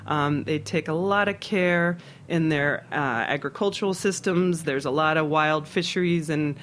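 A man's voice: on the high side, moderate pace, slight background noise. A middle-aged man from Philadelphia, a chef telling stories in an interview with lots of fillers and restarts. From Philadelphia, United States. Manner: rambling and animated, with many restarts and fillers. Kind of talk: casual storytelling interview.

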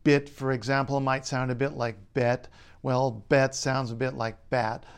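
A linguist and writer narrating a scripted explainer in a clear, wry, lightly humorous way. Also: male voice, mid-range voice, level tone, a little slow.

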